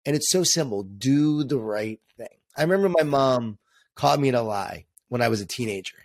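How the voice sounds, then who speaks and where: A man's voice: mid-range voice, animated, normal speed. A man who co-wrote a book, talking in an upbeat, inspirational way as a podcast guest. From Long Island, New York. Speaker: co-author and guest. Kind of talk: podcast interview answer.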